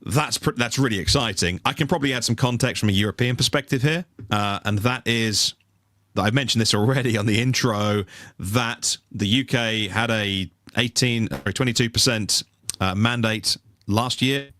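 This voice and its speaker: In a clean, dry studio recording, a male podcast co-host makes casual chat with a mid-range, sharp-toned voice at a moderate pace. He rambles, using many fillers and restarting often.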